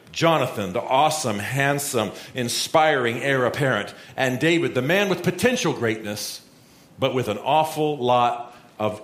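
A male pastor preaching a sermon, telling a Bible story and acting out the quotes with lively, conversational energy. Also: medium pitch. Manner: storytelling, animated, acts out quotes. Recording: roomy echo.

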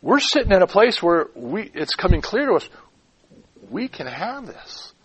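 Male preacher, a little high and husky, animated delivery that circles back on its own words. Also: normal speed, dull audio. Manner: animated, repeats and muses over words. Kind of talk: sermon. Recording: clip-on mic.

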